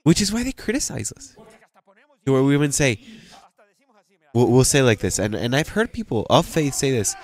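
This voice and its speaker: A man preaching a sermon, plain-spoken and animated, often repeating and restarting his phrases. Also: medium pitch, moderate pace, long pauses.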